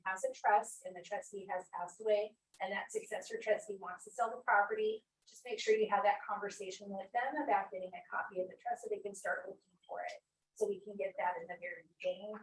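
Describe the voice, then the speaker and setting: A woman's voice: mid-range voice, slight background noise. Chatty woman in an echoey meeting room. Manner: chatty, friendly, repeats points to explain. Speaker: office staff giving a team announcement. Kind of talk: workplace meeting talk. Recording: echoey room, far from mic, faint ambience.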